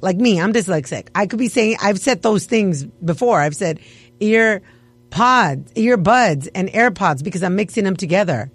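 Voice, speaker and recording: In a radio studio, a lowish-voiced woman host laughs her way through a casual chat, putting on a playful show of being offended. Her manner is animated and mock-offended, and the studio mic picks up no room sound.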